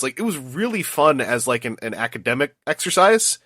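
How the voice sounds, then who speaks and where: A man co-hosting a casual podcast, emphatic and animated as he gives advice. His voice is bright and forceful, recorded dry and close. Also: mid-range voice, a little fast, dry recording. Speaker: podcast co-host.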